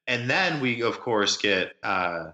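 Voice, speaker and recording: A man's voice: fairly low pitch, very animated, slow, sharp tone, reverberant, lo-fi sound. A man co-hosting a movie podcast, offering thoughtful analysis of the film's themes. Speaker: podcast co-host. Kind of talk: casual movie review chat.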